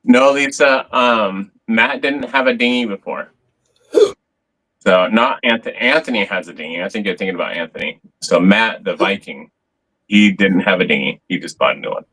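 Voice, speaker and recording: Man, host of a casual fishing talk show, easygoing, low register. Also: moderate pace, sharp tone, rough recording. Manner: laid-back, swears casually, shows gear on camera. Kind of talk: casual fishing livestream chat.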